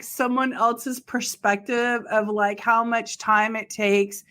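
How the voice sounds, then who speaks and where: A woman's voice: a little high, fairly even intonation, takes it slowly, hardly any pauses, fairly bright tone. A middle-aged woman hosting a podcast, chatting enthusiastically and exclaiming often. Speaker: podcast host. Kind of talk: casual interview chat.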